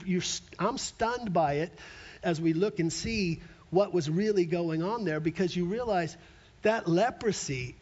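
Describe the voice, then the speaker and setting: A high-voiced man delivering an emphatic sermon, leaning into dramatic pauses and sinking to a hushed near whisper. The recording is slightly dull and lo-fi. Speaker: preacher.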